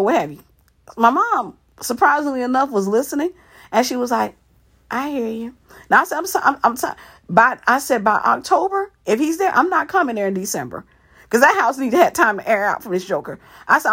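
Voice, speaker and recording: Woman w/ a breathy higher voice telling a family story, keeps going "i said". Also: fairly bright tone. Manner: emotional, acts out quoted family dialogue; repeats "I said" often. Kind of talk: personal story told to camera.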